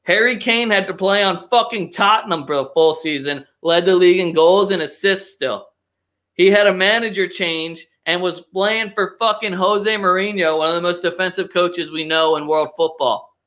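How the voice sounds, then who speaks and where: Young man, bright voice, fairly high, profane, opinionated soccer talk, live-stream host. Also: normal speed. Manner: profane, opinionated, animated rants with mocking voices. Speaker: podcast host.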